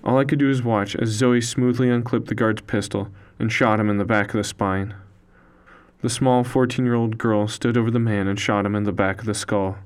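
Solemn low-voiced male storyteller. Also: smooth. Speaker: narrator. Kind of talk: scripted first-person storytelling. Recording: faint music underneath.

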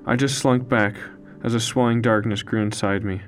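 A man narrating a story in the first person, in a slow, solemn, hushed way. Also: fairly low pitch, steady tone. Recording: faint music underneath.

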